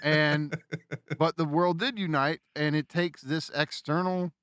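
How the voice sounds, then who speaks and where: A man co-hosting a podcast with a fairly high voice, recorded dry and close. He talks in a loose, profane way, theorizing at length and throwing himself into the quoted lines he acts out. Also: measured pace, smooth, dry recording. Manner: animated storyteller, acts out quoted lines in shouts. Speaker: podcast co-host. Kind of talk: casual conversation.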